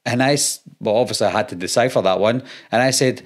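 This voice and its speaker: A man's voice: medium pitch, quick pace. Dry-humored Scottish man. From Scotland. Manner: dry, sarcastic comebacks. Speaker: YouTuber. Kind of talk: casual talk reading out comments.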